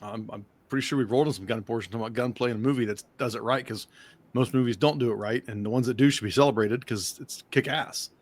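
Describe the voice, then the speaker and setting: An American man hosting a podcast in casual chat, animated and swearing freely as he talks. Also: medium pitch, no room sound. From United States. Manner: fast, animated, swears a lot, excitable. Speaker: podcast host.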